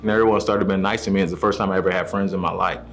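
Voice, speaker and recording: A man's voice: sits low, steady tone, rapid-fire, slight background noise. A man giving a personal faith testimony, telling his story earnestly and acting out the voices of the people in it. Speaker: testimony speaker. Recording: soft music underneath.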